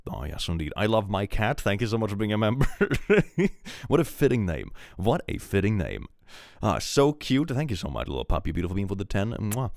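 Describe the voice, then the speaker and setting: A man's voice: lowish voice, big pitch swings, normal speed, no room sound, clean studio sound. A man live-streaming from home, chatting playfully and reacting to his viewers' messages. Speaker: livestreamer. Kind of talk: casual livestream chat.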